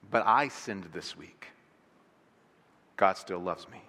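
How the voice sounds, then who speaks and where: A man's voice: deep voice, slow pace, pauses often, bright, forceful tone. A man, a pastor, preaching a sermon in a conversational way with rhetorical questions, in a church sanctuary. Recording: long reverb of a large hall.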